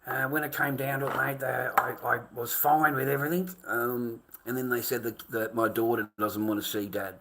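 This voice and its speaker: A man's voice: mid-range voice, steady tone, normal speed, hardly any pauses, a bit bright, slight background noise. A middle-aged Australian man ranting to his livestream chat, swearing constantly and calling viewers mate and boys.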